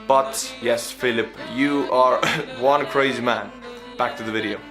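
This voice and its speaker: An Estonian man with an Estonian accent, a native Estonian speaker, giving animated, casual reaction commentary in English. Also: mid-range voice, a little slow, over music. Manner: animated, exclaiming, laughing. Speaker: YouTuber reacting to a video.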